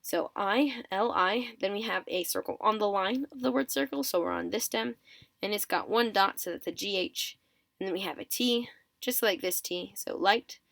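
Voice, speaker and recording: A woman's voice: medium pitch, moderate pace, vocal fry, a bit bright, no echo. A woman teaching a writing system step by step, counting items aloud, correcting herself, and sounding a little sleepy. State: sleepy, yawning. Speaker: teacher of a constructed script. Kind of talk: step-by-step explanatory tutorial.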